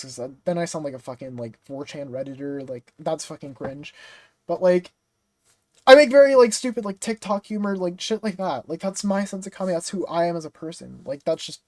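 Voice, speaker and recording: A content creator talking straight to the viewers in a frustrated, rambling rant, leaning on fillers and casual swearing. The voice sits at a middle pitch. It is recorded close and dry, with no room echo. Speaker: game reaction content creator. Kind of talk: casual direct-to-camera rant.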